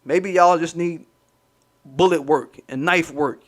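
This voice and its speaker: Fairly high-voiced man ranting on a livestream. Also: slow pace. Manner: profane, rambling, talks to the chat. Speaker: livestream host. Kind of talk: casual livestream rant.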